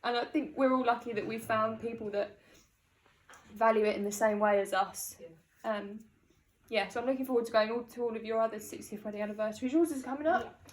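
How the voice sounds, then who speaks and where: A woman's voice: fairly high pitch, fairly quick. A woman giving a family celebration speech, laughing often, emotional, and reading out rhyming verse. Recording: echoey room.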